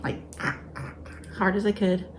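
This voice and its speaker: Expressive, laughing woman co-host. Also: lowish voice, slight background noise. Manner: expressive, quick to laugh and exclaim. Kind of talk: casual chat.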